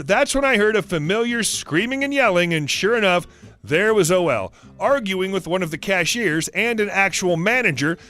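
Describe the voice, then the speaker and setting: A man narrating online stories aloud with lively, animated delivery. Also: sits high. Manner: lively storytelling. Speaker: story narrator. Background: faint guitar music.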